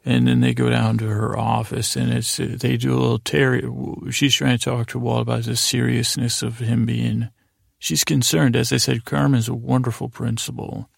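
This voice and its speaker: A man's voice: medium pitch, flat delivery, normal speed, vocal fry, no room sound, clean studio sound. A man hosting a sleep podcast, retelling a story in a meandering, casual way with asides and self-corrections. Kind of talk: rambling bedtime story recap.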